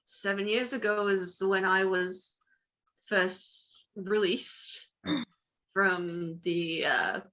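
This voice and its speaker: A woman's voice: medium pitch, very slow, pushed and bright, voice pushed down, low-quality recording. A woman voicing a playful male elven god in a tabletop game, talking casually. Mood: offhand. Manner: casual, laughing, offhand. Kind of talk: tabletop role-play.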